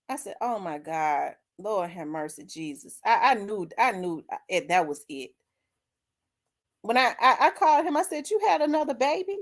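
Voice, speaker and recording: A middle-aged woman, hosting her own show and candidly telling a personal story, acting out the dialogue with big swings in her voice. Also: moderate pace. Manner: animated, acts out quoted dialogue with big pitch jumps. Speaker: host.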